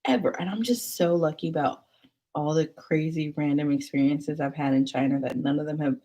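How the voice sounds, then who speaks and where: A young woman chats to camera as a vlogger, spinning a long, rambling anecdote. Her voice sits a little low and husky, and she jumps into high, excited squeals as the story heats up. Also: a little fast.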